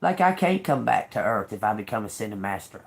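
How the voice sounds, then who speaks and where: This tarot livestream host has a rumbling low, creaky voice that swings widely in pitch, and she talks briskly. Telling a personal story in a relaxed, frank manner, she swears often, drawls, circles back over the same phrases and keeps breaking into laughter.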